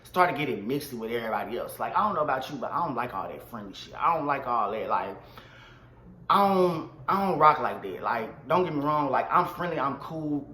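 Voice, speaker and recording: A man telling a storytime vlog in an animated, slangy and dramatic way. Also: medium pitch, a little fast, reverberant. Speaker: vlogger.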